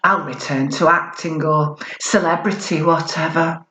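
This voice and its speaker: A woman's voice: low voice, fairly even intonation, measured pace, sharp tone, roomy sound, voice pushed down, poor audio. A woman voicing a glib young royal wife, talking in a chirpy, mock-upbeat, teasing way. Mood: mock-cheerful.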